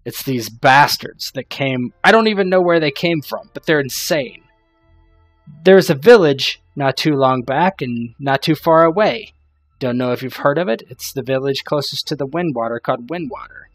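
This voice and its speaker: A man's voice: mid-range voice, moderate pace, no room sound, soft background music, lightly acted. A man putting on a brash, crude outlaw chief. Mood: bitter. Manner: loud, taunting banter. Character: gruff middle-aged male outlaw chief, brash and crude.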